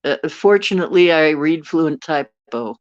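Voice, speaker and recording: This bedroom livestreamer has a deep voice with lively intonation and talks at a moderate pace, chatting and rambling over viewer comments. Her phone captures it as dull lo-fi audio without any room sound.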